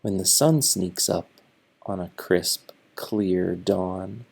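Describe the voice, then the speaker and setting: A man reading a picture book aloud to children slowly and deliberately, stopping to explain the feelings and words on each page. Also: deep voice, vocal fry, a little mellow, slightly rough.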